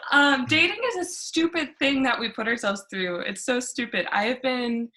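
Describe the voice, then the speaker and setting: A woman's voice: high-pitched, normal speed, pushed and bright. A young woman doing self-mocking stand-up from her living room over a video call, laughing through her punchlines. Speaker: stand-up comedian. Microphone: webcam on a video call.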